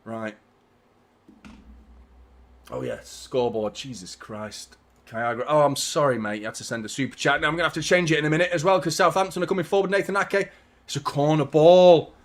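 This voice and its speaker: A man hosting a live football watchalong, reacting to the match with casual chat, swearing and bursts of shouting at big chances. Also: a little high, fairly quick. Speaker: host of a football watchalong stream.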